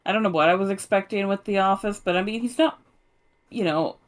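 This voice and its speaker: A woman co-player chatting in a relaxed way during a game stream. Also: mid-range voice, fairly quick. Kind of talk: casual game stream chat.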